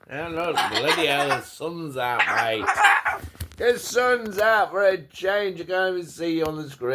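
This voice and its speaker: A man's voice: fairly high pitch, takes it slowly, very noisy. A man talking to his pet bird at home, teasing and scolding it and swearing casually. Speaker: pet owner vlogger. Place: indoors at home. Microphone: phone camera held close.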